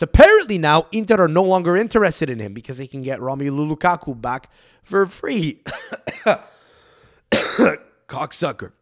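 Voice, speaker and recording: A young man hosting a solo podcast, ranting in a profane, animated way into a close mic. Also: on the high side, no room sound. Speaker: podcast host.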